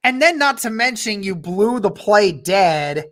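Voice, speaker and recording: Halting fan play-by-play host. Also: medium pitch, sing-song, fairly bright tone. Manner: measured, halting, with restarts. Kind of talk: casual livestream play-by-play commentary.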